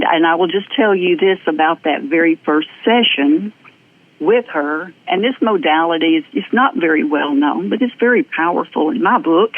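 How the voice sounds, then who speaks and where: A middle-aged woman with a Southern US accent, recounting her own experiences as an interview guest. Her telling is lively and earnest, with plenty of ums and uhs along the way. The sound is thin and phone-like, as if it came over a remote call. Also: on the low side. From American South. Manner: lively, earnest storyteller with frequent fillers. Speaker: guest, energy practitioner. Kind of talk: personal storytelling in an interview. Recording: tinny phone-like audio.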